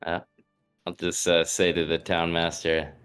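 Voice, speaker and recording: A man's voice: deep voice, completely flat delivery, measured pace, fairly bright tone, clean tone, faint music behind. A man playing a tabletop game, speaking hesitantly in character. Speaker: player. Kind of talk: casual tabletop play.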